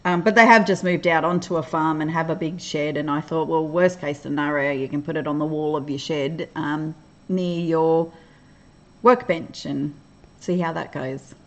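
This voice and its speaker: A woman's voice: sits low, steady tone, moderate pace. Chatty Australian woman livestreaming. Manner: chatty, laughs often, reads comments aloud. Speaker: livestream host. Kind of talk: casual chat reading live comments.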